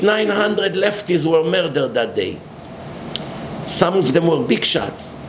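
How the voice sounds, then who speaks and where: A man's voice: on the high side, background noise. Emphatic male religious lecturer, echoey room. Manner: emphatic, rhetorical questions.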